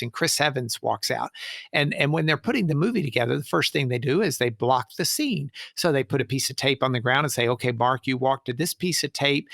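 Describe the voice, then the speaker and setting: A man's voice: mid-range voice, creaky, no room sound, studio quality. A middle-aged man, a trial lawyer, telling stories in an interview and acting out the people he quotes. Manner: animated storyteller, acts out quoted voices. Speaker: trial lawyer, podcast guest. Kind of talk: storytelling interview answer.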